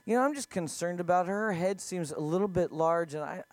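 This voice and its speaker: A man with a fairly high voice delivers a sermon in a relaxed, conversational manner. He keeps turning to his listeners with direct questions. The recording is dry and close, with no room sound. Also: a little fast, no echo. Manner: conversational preaching with rhetorical questions. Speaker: pastor.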